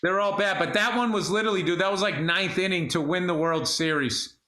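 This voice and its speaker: A high-voiced man with a bright, forceful edge, swearing freely as he tells stories in casual podcast chat. His voice bounces around a roomy, echoey studio. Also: brisk. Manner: profane, animated storytelling. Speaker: podcast co-host.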